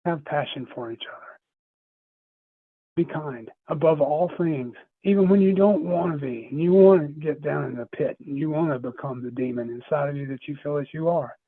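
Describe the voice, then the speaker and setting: A man's voice: fairly high pitch, dry recording. Earnest rambling man on a tinny line. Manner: earnest, rambling, repeats and restarts phrases. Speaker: podcast guest. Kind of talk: storytelling in a podcast interview. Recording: tinny phone-line sound.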